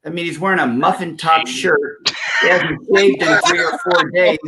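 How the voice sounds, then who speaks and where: A man's voice: on the high side, moderate pace, heavy background noise. A man teasing a friend with joking banter in a casual chat.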